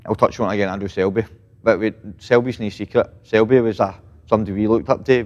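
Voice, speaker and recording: A Scottish boxer in his thirties, a professional appearing as a guest, chats casually in an interview. His fairly low, slightly mellow voice comes through with the highs cut off and a long reverb, and he swears freely, filling with "mate" and "know what I mean".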